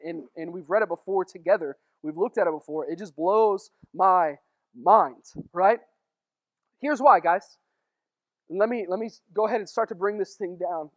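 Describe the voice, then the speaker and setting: A young man giving a casual sermon to a youth group, telling the story with jokes and quick acted asides. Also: sits high. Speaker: youth pastor.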